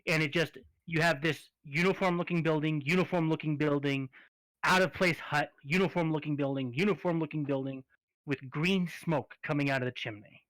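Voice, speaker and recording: A man narrating a tabletop game as game master, describing scenes in an unhurried way. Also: on the high side, steady tone, fairly bright tone, no echo, rough recording.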